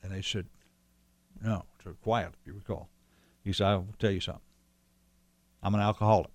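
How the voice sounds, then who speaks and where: A man with a fairly low voice tells a long story about an old friend. He rambles, restarts his sentences and acts out the dialogue. The sound is dry and close, with no room around it. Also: fairly even intonation, brisk, dry recording. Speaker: storyteller guest recalling a friend. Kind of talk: casual conversational storytelling.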